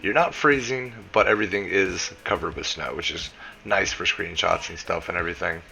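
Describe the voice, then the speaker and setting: A man's voice: deep voice, brisk, creaky, sharp tone, soft background music. A man with a Southern US accent giving a casual, chatty voice-over for a game building tutorial, dropping plenty of "you know" asides. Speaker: game building guide creator.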